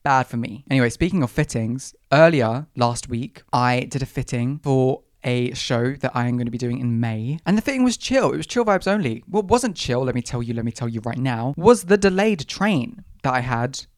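A man's voice: mid-range voice, expressive, moderate pace, hardly any pauses, no echo, studio quality. A young man hosting his own podcast, telling stories from his month in a sassy, dramatic way. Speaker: podcast host. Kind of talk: casual solo podcast storytelling.

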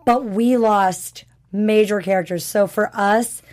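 A woman co-hosting a casual TV review chat, a little hoarse from being sick, who talks in a chatty, animated way and acts out the characters' lines. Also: mid-range voice, slow pace. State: sick with a rough voice. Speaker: podcast co-host.

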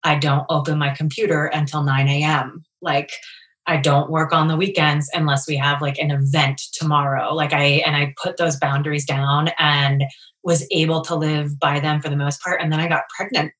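Low-voiced woman, chatty and candid. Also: little pitch movement, moderate pace, a bit bright, rough recording. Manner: open and chatty, many fillers like "like" and "um". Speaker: guest, entrepreneur. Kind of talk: candid conversational interview.

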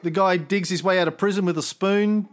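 A man's voice: high-pitched, steady tone, fairly quick. A man co-hosting a history podcast, joking crudely in casual chat after reading an old text aloud. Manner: reads historical passages, then jokes with crude humor. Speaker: podcast co-host.

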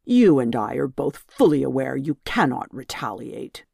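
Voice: medium pitch, animated, a little mellow, no room sound, natural voice. Brief: a reader doing a slick, obsequious villain in a storybook, dry close sound. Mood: spiteful. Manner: unctuous, fast and ingratiating. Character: oily, smarmy male dealer in a suit.

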